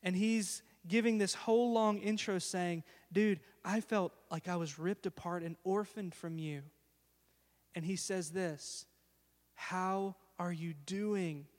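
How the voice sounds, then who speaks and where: A young male pastor preaching a sermon, an animated storyteller who acts out his own screams. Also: high voice, slow. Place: church sanctuary. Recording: long hall reverb.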